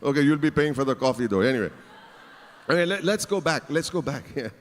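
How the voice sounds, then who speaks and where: A man's voice: on the high side, lively intonation, fast talker. A man giving a playful keynote speech, teasing the audience from a conference stage. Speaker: keynote speaker. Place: large conference hall stage. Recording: reverberant conference hall.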